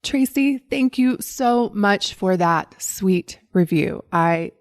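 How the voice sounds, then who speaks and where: Southern woman, podcast host, giggly and upbeat, medium pitch, dry close sound. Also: lively intonation, slow, no room sound. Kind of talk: solo podcast talk.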